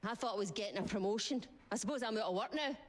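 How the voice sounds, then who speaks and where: A woman's voice: mid-range voice, racing, lightly acted. An actress voicing a blunt, fiery working-class woman with a Scottish accent in a video game. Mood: brash.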